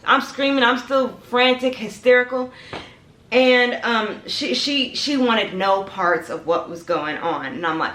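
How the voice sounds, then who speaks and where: Animated woman telling a storytime, echoey room. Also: a little high, measured pace. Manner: animated, dramatic storytelling, addresses viewers as y'all. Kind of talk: storytime vlog.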